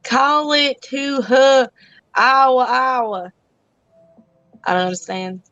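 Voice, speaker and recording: Brief: playful woman auctioneer, higher voice, dry close sound, scattered and laughing. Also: very slow, a bit bright, no room sound, low-quality recording. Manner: giggly, self-teasing, scattered. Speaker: auction host. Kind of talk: casual live-stream auction chat.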